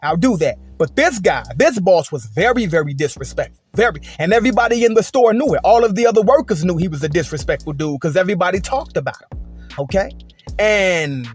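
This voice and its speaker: A man's voice: high-pitched, animated, quick pace, slightly rough, soft background music. A man telling a work story and giving his opinion in a casual, emphatic, repetitive way. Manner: emphatic, repetitive, conversational with frequent "et cetera" and "okay?". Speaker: commentator.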